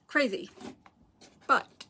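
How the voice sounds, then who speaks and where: A woman's voice: drawn-out words, sharp tone, slight background noise. A middle-aged woman hosting a craft livestream, chatting casually with viewers and greeting them by name. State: out of breath. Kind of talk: casual live chat with viewers.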